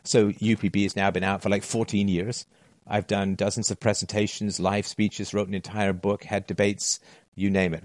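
Holding forth on philosophy in a monologue, a middle-aged host drives his points home emphatically, returning to the same key phrases. He has a deep voice. The studio sound is clean, with no room sound at all.

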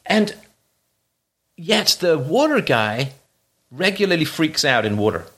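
A man talking casually with a co-host about a film, joking and sarcastic about how little sense it makes. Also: measured pace. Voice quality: lively pitch, jokey and sarcastic about film logic. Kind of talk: casual chat.

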